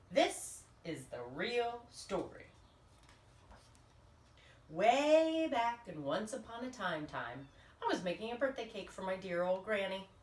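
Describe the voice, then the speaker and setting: Lively, playful woman reading a storybook. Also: on the low side, roomy sound, recorded from a distance. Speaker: storytime reader. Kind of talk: reading a picture book aloud for children.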